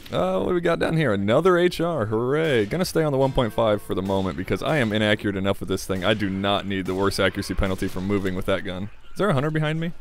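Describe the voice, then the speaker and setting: A young man giving casual, rambling commentary over a game at his desk late at night, tired and giggly. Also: mid-range voice. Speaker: gaming commentator. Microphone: desk microphone.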